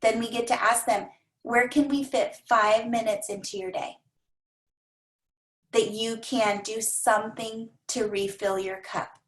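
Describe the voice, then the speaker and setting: A woman coaches her team with energy, repeating key words and slipping into her clients' voices. Her voice sits a little high, and the room around her rings with echo. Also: fairly even intonation, a little slow.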